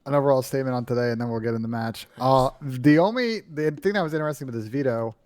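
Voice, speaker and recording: A man co-hosting an esports podcast, giving measured, analytical takes in casual chat. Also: mid-range voice, a little mellow. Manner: measured, analytical, stat-minded.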